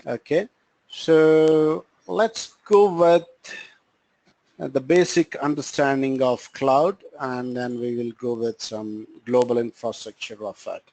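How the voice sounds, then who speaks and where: A man with an Indian English accent teaching a live online class on cloud computing, halting and full of fillers. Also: mid-range voice, a little mellow, no room sound, low-quality recording. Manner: halting, frequent fillers and restarts. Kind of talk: live online training lecture.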